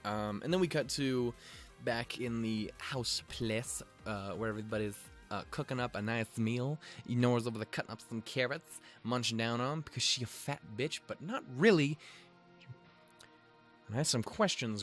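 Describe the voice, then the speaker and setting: A man's voice: mid-range voice, a little slow, a bit bright, faint music behind. A young man casually recapping and reviewing an episode, with lots of cursing, fillers and jokes. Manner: profane, filler-heavy, joking. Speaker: show review vlogger.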